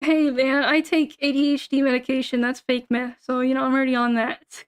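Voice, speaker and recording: A woman's voice: high voice, little pitch movement, moderate pace, smooth. A young woman chatting casually on a stream, rambling, swearing and giggling often.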